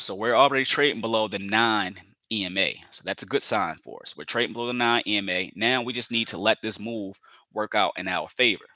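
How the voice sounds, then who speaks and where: A man's voice: lowish voice, bright, forceful tone, dry recording. A man giving live commentary on his trades, repeating phrases, filling with "you know" and calling viewers family as he talks himself into staying patient.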